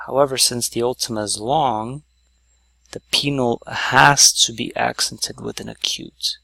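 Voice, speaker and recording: A man teaches a whiteboard lesson at an unhurried pace, pointing things out one step at a time. His voice is gravelly with a bright edge. The sound is dry and close. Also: medium pitch, expressive, no room sound. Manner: slow, stepwise explaining with many "so"s.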